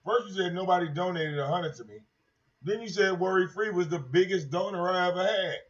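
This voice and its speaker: Brash, profane livestream host, high voice. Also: male voice, a little fast. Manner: brash, profane, repetitive, mocking. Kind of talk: casual livestream rant. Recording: dull lo-fi stream audio.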